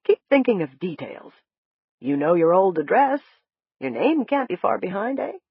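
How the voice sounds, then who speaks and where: A woman voicing a gentle male doctor who coaxes and reassures a frightened patient. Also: medium pitch, sing-song, moderate pace, slightly rough, no room sound. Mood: reassuring. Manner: coaxing, reassuring. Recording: dull lo-fi dry recording.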